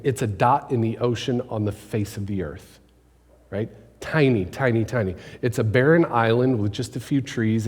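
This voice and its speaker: A man preaching a conversational sermon, asking the congregation questions and dropping his voice low for emphasis. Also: a little mellow, slightly rough. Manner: conversational preaching, rhetorical questions, drops to near-whisper for emphasis. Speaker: pastor. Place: church sanctuary. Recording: long hall reverb.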